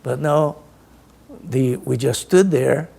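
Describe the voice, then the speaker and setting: A man in his eighties recounting childhood memories in an interview, halting and full of fillers. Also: mid-range voice, vocal fry, mellow, husky.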